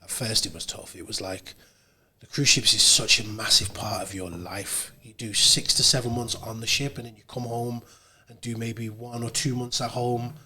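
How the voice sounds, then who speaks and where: An English man, a radio presenter, chatting casually as a podcast guest, telling stories in a relaxed way and acting out the people he quotes. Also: mid-range voice, normal speed. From England. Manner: relaxed storytelling, animated when quoting others. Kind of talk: casual conversation.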